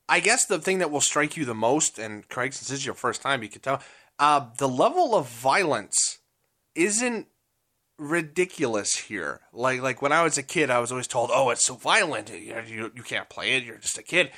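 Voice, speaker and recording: Excitable man with a lively, bright voice. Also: mid-range voice. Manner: excitable and gushing. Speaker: podcast co-host. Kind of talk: casual chat about retro games.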